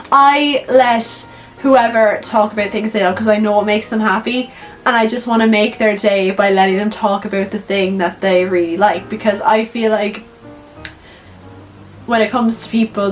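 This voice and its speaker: Young female vlogger, higher pitch, animated and blunt with frequent swearing and "like"; quiet music bed. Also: poor audio. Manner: animated and blunt, swears freely, says "like" a lot. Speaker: YouTuber. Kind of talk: casual movie-ranking chat.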